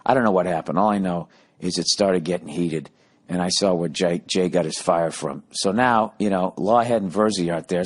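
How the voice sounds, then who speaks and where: A man hosting a podcast, telling a profane comic story in a ranting, sarcastic way and acting out arguments. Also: low voice. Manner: ranting, sarcastic, heavy swearing, acts out both sides of arguments. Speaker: podcast host.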